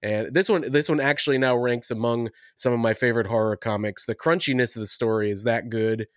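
A man co-hosting a comics podcast, enthusiastic and quick to laugh while recommending books. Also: mid-range voice, fairly even intonation, no room sound, studio quality. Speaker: podcast co-host. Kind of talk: casual podcast chat.

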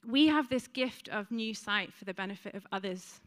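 A woman's voice: medium pitch, lively intonation, normal speed, hardly any pauses, a bit bright. A woman preaching a sermon to a congregation in a church, chatty, with frequent ums and asides to the listeners.

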